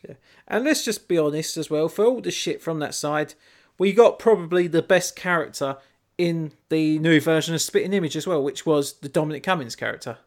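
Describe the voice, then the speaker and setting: Chatty man, slightly high voice. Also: brisk. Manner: animated, swearing freely. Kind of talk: casual chat.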